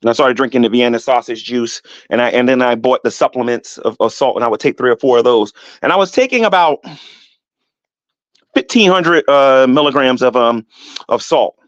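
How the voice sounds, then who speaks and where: A middle-aged man ranting on his vlog, animated and defensive, repeating himself and climbing higher when heated. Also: moderate pace, no room sound, muffled recording. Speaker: YouTuber. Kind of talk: rambling vlog rant.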